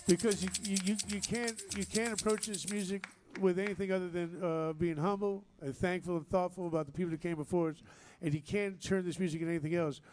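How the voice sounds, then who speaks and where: High-voiced New man telling stories. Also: fairly even intonation, fast, hardly any pauses, a little hiss or hum. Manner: rambling, warm-hearted, with restarts and Southern slang. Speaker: band member. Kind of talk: heartfelt live storytelling. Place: live music venue.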